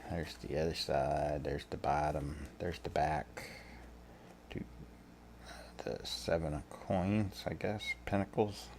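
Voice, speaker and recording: A man in his sixties talks in a very low, gravelly voice. He rambles easily and thinks out loud, like a tarot reader chatting on a home vlog. His manner stays relaxed and unhurried. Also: a little hiss or hum. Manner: rambling, easygoing, thinking aloud. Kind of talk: casual vlog.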